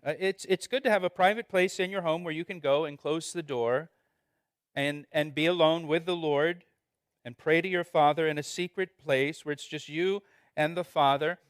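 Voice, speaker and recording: A man's voice: on the high side, normal speed, clear, resonant tone, no room sound, studio quality. A man preaching an expository sermon as pastor, earnest and conversational, often restarting and repeating words.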